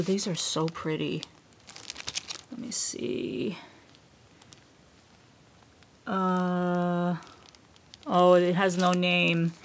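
A woman talks casually to her camera at home, gushing over things in an effusive way and often letting her sentences trail off. Her pace is slow and unhurried, and a gravelly fry runs through her voice. A faint hiss of noise sits behind her. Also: medium pitch, a bit bright. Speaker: craft vlogger unboxing gifts.

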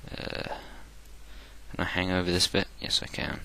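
A man's voice: sits low, level tone, normal speed, bright, forceful tone. A man with an Essex accent, rambling through game commentary, joking and talking to himself in an irreverent way. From England. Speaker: gaming channel host.

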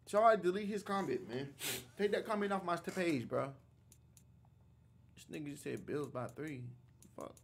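A man streaming a football video game, trash-talking with profanity in a loose, animated way. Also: on the high side, normal speed, creaky, pauses often, slight background noise. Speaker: gaming streamer. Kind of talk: casual gameplay commentary.

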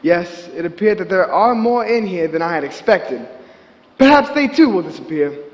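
A proper, curious asylum doctor, played by a man on stage speaks in clipped, formal sentences. His voice sits high for a man. The long reverb of a theatre hall trails behind him. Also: lively intonation. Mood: composed. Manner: formal, measured, clipped diction. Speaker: stage actor. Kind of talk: live stage acting.

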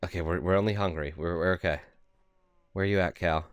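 A man giving casual, excitable let's play commentary over a survival game, yelping and laughing as things go wrong. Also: low voice, fairly quick, smooth, dry recording. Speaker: gaming video host.

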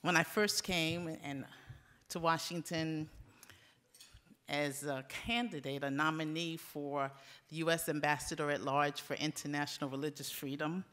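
A man giving a formal gala speech with warm greetings and a rhythmic, preacher-like cadence. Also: on the high side, fairly even intonation, unhurried, a little hiss or hum. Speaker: ambassador and gala speaker. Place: hotel ballroom.

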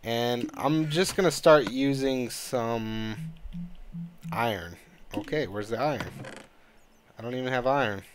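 A man of middle pitch talks over his own gameplay in casual let's-play commentary. He sounds annoyed and rambles, and he swears freely as he goes. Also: unhurried, pauses often, a little hiss or hum. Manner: frustrated, rambling, swears a lot. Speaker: gaming channel host.

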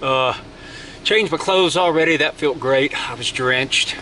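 A man's voice: mid-range voice, unhurried, sharp tone, slight background noise. A middle-aged man, chatting casually to a handheld camera for his vlog and exclaiming over his food. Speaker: outdoor vlogger.

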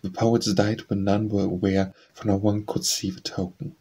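Husky low man reciting verse flatly. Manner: steady, measured verse reading. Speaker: audiobook reader. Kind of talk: poetry recitation.

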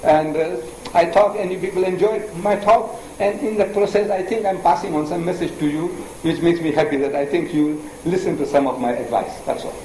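A man's voice: fairly high pitch, fairly quick, hardly any pauses, dark tone, reverberant, slight background noise, poor audio. An older man from India giving a public religious lecture, telling stories with animation and putting pointed questions to his audience. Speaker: preacher.

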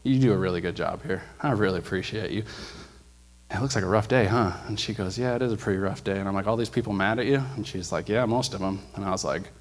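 A man preaching in church, telling a story with lively energy and acting out the people in it. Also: on the low side, fast. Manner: animated storyteller, acts out quoted voices, rises loud when preaching. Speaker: preacher sharing a testimony. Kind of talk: sermon storytelling.

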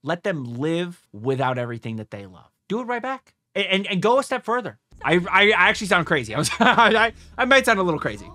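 A young man hosts a casual reaction video and thinks out loud as he watches. His voice sits a little high, swings widely in pitch and has a bright edge. He talks excitably, swears often and is recorded in a dry, close space. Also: fairly quick, hardly any pauses, no room sound.

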